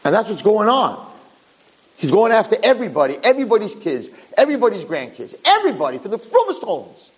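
A man's voice: high-pitched, quick pace, breathy edge, poor audio. A man giving a Torah lecture, telling stories and acting out the voices in them. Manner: animated storytelling, acting out voices. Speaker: rabbi lecturer.

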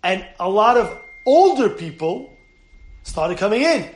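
A man, a rabbi giving a lively Torah class to his congregation, laughing often and acting out voices. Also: sits high, measured pace, roomy sound. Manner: animated, laughing, acts out voices.

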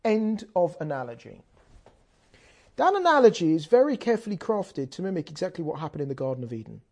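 A rabbi teaching through a long, animated story, acting out every scene with sound effects. His pitch jumps around freely, and his voice has a husky, breathy edge. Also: fairly quick. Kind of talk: storytelling lesson.

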